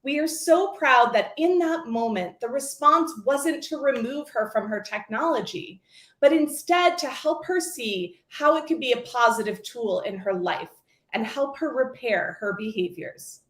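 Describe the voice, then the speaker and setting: A woman in her forties giving a scripted keynote talk, telling stories with lively acted quotes. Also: on the high side, unhurried, roomy sound. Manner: storytelling, expressive with acted quotes. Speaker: keynote speaker.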